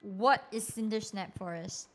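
A woman streamer chatting casually with viewers while she plays, swearing freely. Her voice jumps high when she gets angry. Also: measured pace, slight background noise. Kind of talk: casual gameplay commentary.

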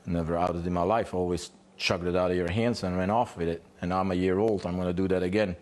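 A headstrong young dog that has never given up a ball in its life. A man acts it out in a lowered, gruff voice, flat and defiant. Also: fast, close to an everyday voice. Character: stubborn year-old dog that never lets go.

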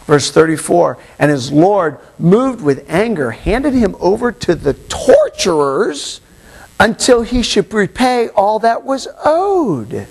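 Animated pastor with a lively, gravelly voice. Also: male voice, very high voice, a little slow, low-quality recording. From Hawaii. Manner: animated, acts out the parable's voices. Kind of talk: sermon. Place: church.

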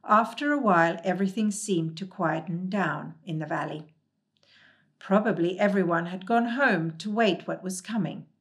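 A woman reading a storybook aloud in a gentle, calm and measured way. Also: lowish voice.

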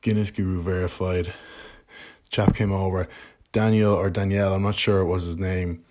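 A man's voice: low-pitched, little pitch movement, normal speed, a little mellow. A young Irish man chatting casually to camera in a pub, rambling, joking and swearing. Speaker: pub-reviewing vlogger. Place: indoor pub. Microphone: camera mic.

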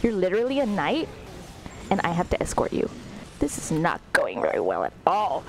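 A woman's voice: lowish voice, wildly swooping pitch, normal speed, low-quality recording. A woman streaming a video game, commenting sarcastically and laughing as she talks back to the characters. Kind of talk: live gameplay commentary.

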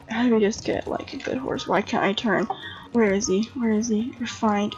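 A tired young woman giving casual commentary on a horse game, chatty and excitable, swearing freely and breaking into gasps and laughs. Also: fairly high pitch, a little slow. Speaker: gamer commentator. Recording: dull lo-fi home recording with faint game music.

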